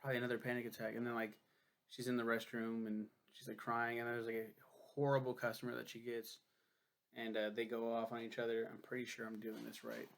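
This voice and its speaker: A young man chatting loosely through a book review, swearing often and laughing at his own slips. His voice is mid-pitched with a gravelly, fry-edged texture. He talks like a casual vlogger, not a polished presenter. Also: monotone, fairly quick, a bit bright. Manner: rambling, profane, self-deprecating.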